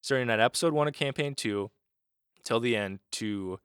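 A man running a tabletop role-playing game, narrating in a relaxed way with many fillers. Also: mid-range voice, moderate pace, clean tone, no echo, clean studio sound. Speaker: game master.

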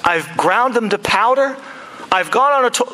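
A preacher putting on a smug young king who brags about his good deeds and shrugs off correction. The voice sits high and bright, with a self-satisfied, showy delivery. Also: lively intonation, normal speed, exaggerated voice. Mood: boastful. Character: young king boasting of his own piety.

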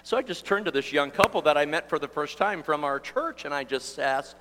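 A pastor in his sixties preaches a live sermon in a church sanctuary before a congregation, his voice fairly high with lively intonation and a slightly fast pace. He tells a chatty, self-deprecating story amid background noise and the long reverb of the church hall.

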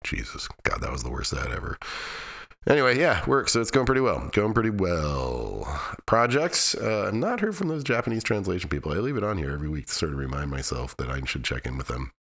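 A man's voice: low-pitched, big pitch swings, fast, vocal fry, fairly bright tone, breathy edge. A middle-aged man hosting his own podcast, giving a candid, rambling weekly update full of restarts and wry asides. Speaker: podcast host. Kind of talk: casual solo update.

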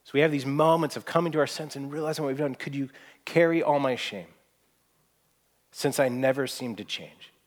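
A man's voice: medium pitch, a little fast. Earnest man preaching a sermon. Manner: earnest, rising to emphatic peaks and dropping to soft quoted asides. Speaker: pastor. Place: church hall with audience.

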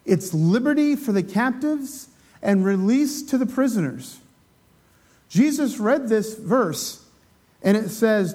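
A man preaching a sermon in a relaxed, conversational way, retelling a scripture story, asking the congregation questions and briefly acting out the voices of the crowd. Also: high-pitched, takes it slowly.

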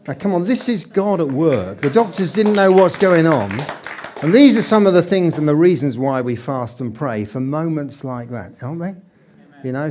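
A man preaches in church, his tone chatty and warm toward the people in front of him. He stops often to put questions to the congregation. His voice carries through a microphone. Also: medium pitch. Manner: conversational, asks the congregation questions. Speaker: pastor. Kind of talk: church sermon. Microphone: handheld microphone.

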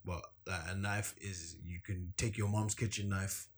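A man's voice: deep voice, fairly even intonation, a little slow, husky. A man talking casually on a podcast, rambling through his points with lots of fillers. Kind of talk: casual chat.

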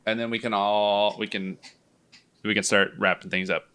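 A man's voice: lowish voice, flat delivery, moderate pace, pushed and bright, smooth. A man in casual podcast chat, ranting in an exasperated way and swearing freely.

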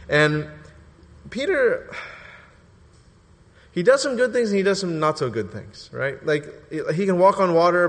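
A man preaching a sermon, telling the story in a lively, joking way and acting out quotes. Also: mid-range voice, long reverb tail.

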